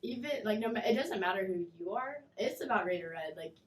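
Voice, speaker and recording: A young woman telling animated stories in a casual chat as a guest, full of fillers. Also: medium pitch, fast talker, reverberant. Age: young adult. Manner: animated storytelling, acts out kids' voices, many fillers. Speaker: guest, former mascot performer.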